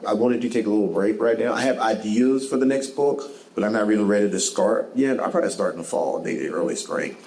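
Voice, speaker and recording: A man with a Southern US accent answering audience questions at a bookstore author talk, animated and quick to laugh. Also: mid-range voice, poor audio. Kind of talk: casual audience Q&A. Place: bookstore event.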